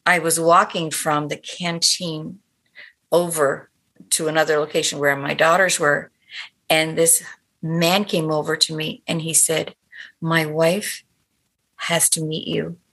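A woman's voice: deep voice, a little slow. An older woman from Cape Breton, Canada, a guest in an interview, telling stories animatedly and acting out what people said. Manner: animated storyteller, acts out quotes. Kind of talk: conversational interview.

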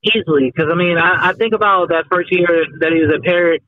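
A man's voice: sits high, fast talker, dry recording. Male caller on a tinny phone line. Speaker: guest sports reporter. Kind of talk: casual phone-in chat. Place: on the road, heading to work.

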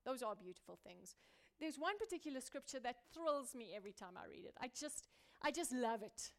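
A woman pastor preaching a sermon, building through repeated phrases and dropping from loud emphasis to a hushed near-whisper. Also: sits high, big pitch swings, brisk. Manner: repetitive rhetorical building.

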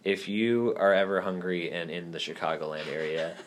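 Low-voiced joking male podcast host. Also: normal speed, background noise. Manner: joking, rambling, laughs often. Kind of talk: casual podcast chat.

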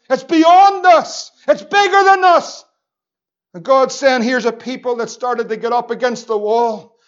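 A Northern Irish man, a pastor, preaching a fervent sermon in a church, building from steady talk to shouted declarations. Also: very high-pitched. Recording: dull lo-fi church recording.

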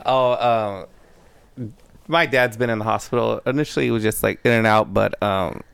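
A man co-hosting a podcast who talks in casual chat, soft-spoken and hesitant, with many pauses and ums. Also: fairly low pitch, fairly even intonation, creaky, smooth. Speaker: podcast co-host.

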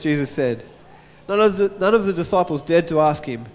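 A man's voice: high voice, fairly quick. A man preaching a sermon and reading scripture, chatting casually with his congregation between verses. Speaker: pastor. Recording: long hall reverb.

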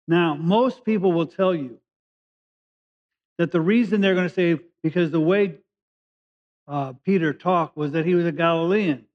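A man from California preaches a conversational sermon, reading verses and then unpacking them in plain words. His voice sits a little high, and he leans on key words as he goes. The recording is dull and lo-fi. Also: a little slow, pauses often. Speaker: pastor. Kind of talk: sermon, Bible teaching.

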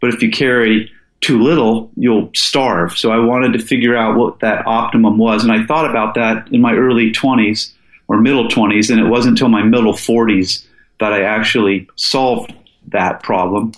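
A low-voiced older man from Alaska who tells an adventure story as a podcast guest. He is earnest and often stops to restart his sentences. The room around him sounds echoey. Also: steady tone, normal speed. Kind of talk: casual storytelling interview.

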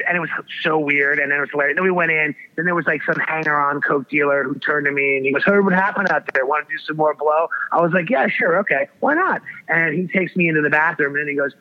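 A man's voice: a little high, fairly even intonation, quick pace. A man telling a wild story in casual chat, rambling and swearing with lots of restarts. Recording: dull lo-fi audio.

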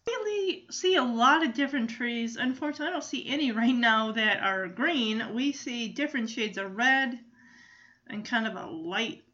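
A woman's voice: on the high side, expressive, normal speed, pushed and bright, lo-fi sound. A woman casually retelling a cartoon special, chatty and opinionated, with lots of fillers. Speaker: commentator.

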